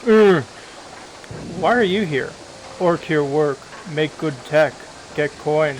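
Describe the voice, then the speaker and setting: A man voicing a downtrodden male orc factory laborer who talks in loud, broken grunts. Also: fairly high pitch, slow, slight background noise, low-quality recording. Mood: glum.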